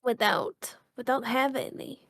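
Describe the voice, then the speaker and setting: A woman's voice: a little high, a little slow, fairly bright tone. Woman, tabletop player, casual, describes her character's moves. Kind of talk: playing a tabletop game.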